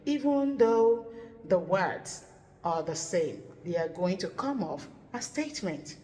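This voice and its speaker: Woman, lowish voice, teaching intonation through a lively anecdote, recorded in a reverberant room. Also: slow pace, a little hiss or hum. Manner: animated storytelling, acting out her own quoted lines. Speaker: English pronunciation teacher. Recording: echoey room with long reverb.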